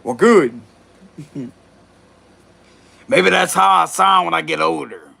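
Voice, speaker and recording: A man's voice: on the high side, expressive, takes it slowly, gravelly, sharp tone. Blunt, cursing man reading tarot. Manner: blunt, profane, laughs often. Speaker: tarot reader. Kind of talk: casual spoken tarot reading.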